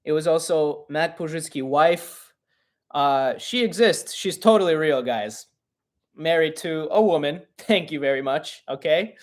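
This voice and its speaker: Speaking at a measured pace in a fairly high voice, a young man of Russian-Ukrainian family background hosts a laid-back live-stream Q&A. He's a podcast host and comedian who fires back blunt, profane, mock-indignant answers.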